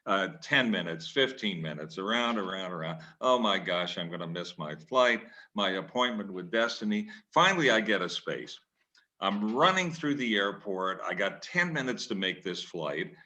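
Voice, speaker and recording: An older man spins a lively, self-deprecating anecdote, acting out the scenes as he goes. His voice is fairly low but bright and forceful, with a punchy edge. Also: moderate pace. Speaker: guest speaker, former newspaper columnist. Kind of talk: anecdotal storytelling talk.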